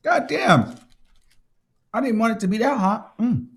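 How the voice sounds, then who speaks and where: A man hosting a casual gossip commentary show, telling stories in an animated, profane, dramatic way. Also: high voice, unhurried. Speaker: host.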